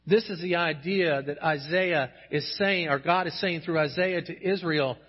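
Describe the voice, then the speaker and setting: A male pastor delivers an earnest sermon, his voice a little husky and sitting somewhat high. He swells into impassioned emphasis at key lines. The recording is dull and lo-fi. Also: moderate pace, hardly any pauses. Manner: earnest, rising to impassioned emphasis when quoting scripture.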